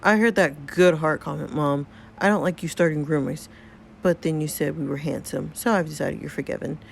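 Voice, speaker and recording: A woman's voice: low-pitched, normal speed, creaky, slight background noise. A woman voicing a cocky, sarcastic young man in a story game, cheeky in tone.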